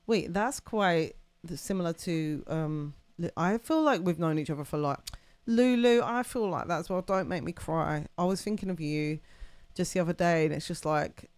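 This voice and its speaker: A woman's voice: fairly low pitch, expressive, moderate pace, darkish tone, no echo. A woman hosting a live stream, chatting casually and rambling with lots of fillers and laughter. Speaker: livestream host.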